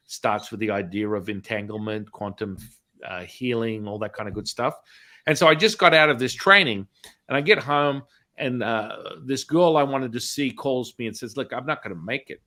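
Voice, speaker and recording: A middle-aged man, hosting a talk show and telling a story in a lively, casual way, acting out the dialogue and swearing now and then. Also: mid-range voice. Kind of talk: animated anecdotal storytelling.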